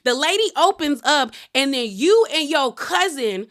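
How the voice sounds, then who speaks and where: A woman casually recapping a reality TV episode in an animated, sassy storytelling manner. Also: high-pitched, unhurried.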